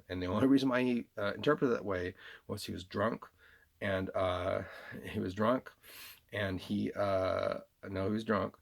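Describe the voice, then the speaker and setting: Man, New York accent, gravelly voice, low pitch, rambling monologue, repetitive. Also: normal speed. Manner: rambling and repetitive, with frequent restarts and laughs. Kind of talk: rambling spoken monologue addressed to absent listeners.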